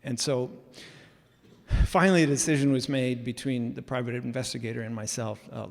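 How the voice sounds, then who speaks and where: A man telling a story live in a casual, animated way with self-mocking humor, heard in a reverberant hall. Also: medium pitch, a little fast, creaky.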